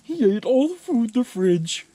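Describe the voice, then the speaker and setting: A man's voice: very high-pitched, very animated, moderate pace, warm tone, no room sound, voice pushed up, exaggerated voice. A man voicing a frantic, hungry young man who pleads and whines. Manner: pleading and whiny.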